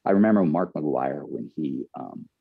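A man's voice: very deep voice, lively intonation, normal speed, gravelly, breathy edge, no echo, narrow, tinny audio. An earnest man in middle age, a former pro ball player telling a candid story, often repeating and restarting his phrases.

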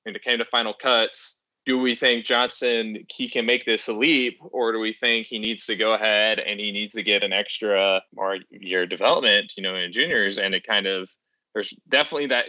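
A man co-hosts a hockey podcast in loose, rambling chat, full of restarts and "you know"s. His low voice sounds bright and forceful. The recording is dry and a little dull. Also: normal speed, no echo. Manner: rambling, many fillers and restarts. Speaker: podcast co-host. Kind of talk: casual chat.

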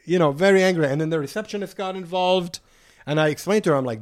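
A man's voice: high-pitched, fast. A man on a podcast telling a travel story in casual chat, acting out the people he quotes and laughing often.

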